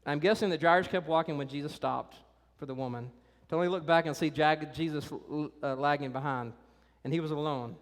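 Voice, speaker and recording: A male pastor delivers a sermon in an animated, conversational way. His voice sits a little high, and he talks straight to the young people in the room. A long church reverb trails after his words. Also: fairly quick, few pauses. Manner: animated, conversational, directly addressing kids and teenagers.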